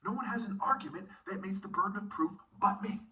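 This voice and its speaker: A man's voice: high voice, fast talker, sharp tone, far from the mic, low-quality recording. A man preaching an intense sermon monologue, often dropping into whispered asides. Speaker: self-styled preacher.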